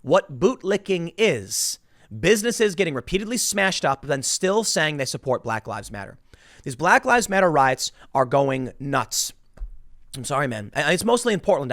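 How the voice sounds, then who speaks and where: A man's voice: on the high side, fairly bright tone, no room sound, clean studio sound. A man delivering a sarcastic political opinion monologue, mocking the people he talks about and acting out their voices. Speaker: political commentator.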